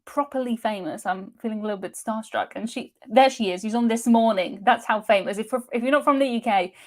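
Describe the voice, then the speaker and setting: A woman's voice: a little high, fairly quick. A woman hosting a cruise live stream, chatting casually and reading out viewer comments with frequent laughs. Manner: chatty, laughs often, excitable.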